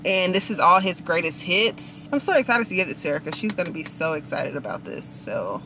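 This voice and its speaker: A woman's voice: fairly low pitch, lively intonation, brisk, noisy background. A young woman vlogging in a bubbly, chatty way, talking straight to her viewers. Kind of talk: casual vlog chat.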